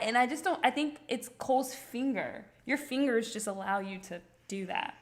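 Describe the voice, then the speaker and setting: A woman's voice: on the high side, normal speed. A woman co-hosting a live stream in casual chat, chatty and giggly.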